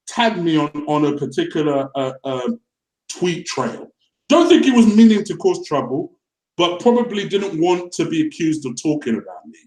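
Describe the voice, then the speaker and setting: A man's voice: fairly high pitch, reverberant, poor audio. A young man, co-hosting a football fan show, ranting in heated casual chat and swearing as his voice climbs. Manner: animated, ranting, swearing, voice rising when riled. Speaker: co-host of a football fan channel.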